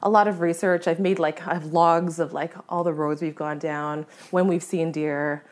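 A woman telling a story as a guest in a conversation, animated, laughing often and acting out her own reactions. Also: deep voice, normal speed. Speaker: guest hunter.

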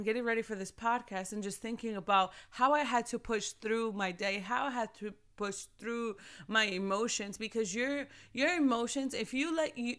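Thirties woman, podcast host, casual and animated faith talk, bright and forceful. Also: mid-range voice. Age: 30s. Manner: animated, chatty, addresses listeners as sis.

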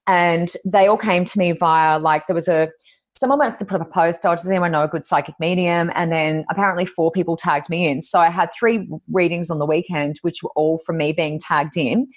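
An Australian woman, a psychic medium and podcast co-host, chatting casually and telling animated stories with high-pitched exclamations. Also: fairly quick. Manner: animated storyteller, acts out quotes with high exclamations. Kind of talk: casual chat.

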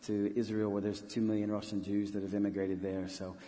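A man with a lowish, mellow voice tells a story with earnest conviction, stopping and restarting as he goes. He is a missionary pastor being interviewed in church. His voice carries a long reverb from a large hall. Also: level tone. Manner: earnest, halting, many restarts.

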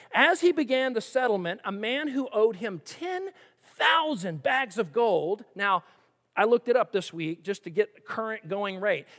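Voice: medium pitch, a bit bright, big-room sound. A preacher giving a sermon and reading scripture aloud, who acts out the quoted voices and keeps asking the listeners questions.

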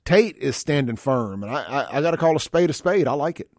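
A man's voice: medium pitch, lively intonation, fairly quick. A man hosting a talk radio show, chatting bluntly and reading listener texts aloud. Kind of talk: casual talk radio chat. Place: radio studio.

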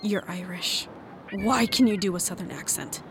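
A woman's voice: medium pitch, moderate pace, lightly acted. A woman acting in an audio drama, grumpy, blunt and sarcastic. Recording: clear background noise.

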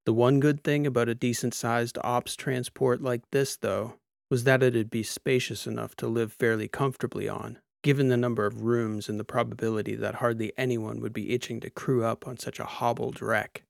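A man reading a sci-fi short story as narrator, in a measured, steady way. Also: mid-range voice, creaky, no echo, studio quality. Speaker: audiobook narrator. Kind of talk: scripted narration.

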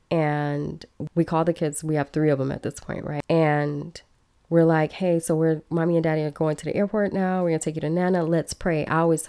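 A woman in her thirties, from Belize, telling a personal story in an animated, conversational way and talking straight to her listeners. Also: low voice, clear, resonant tone. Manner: animated, conversational, laughs while telling, addresses listeners as y'all. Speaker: podcast host.

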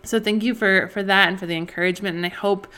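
An earnest young woman hosts a faith-based podcast for mothers, speaking straight to her listeners. Her voice sits at an ordinary mid pitch for a woman. She talks with open feeling and often stops and restarts her sentences. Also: steady tone, fast talker, bright, forceful tone. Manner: earnest and emotional, many restarts. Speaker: podcast host.

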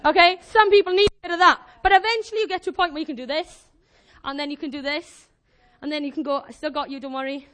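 A woman giving an informal, energetic sermon to her church, joking and demonstrating as she talks. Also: very high-pitched, fast. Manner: energetic, animated, jokey. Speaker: church speaker.

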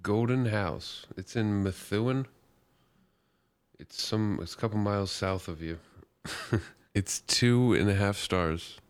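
A man's voice: fairly low pitch, takes it slowly, clear, resonant tone, no room sound. A man co-hosting a podcast in crude casual chat, laughing often at his own stories. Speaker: podcast co-host.

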